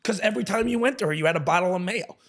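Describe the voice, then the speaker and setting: A man's voice: high-pitched, very fast. Losse presentator, man met hoge stem. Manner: easygoing, chatty, slangy. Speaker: podcast host. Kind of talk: casual chat.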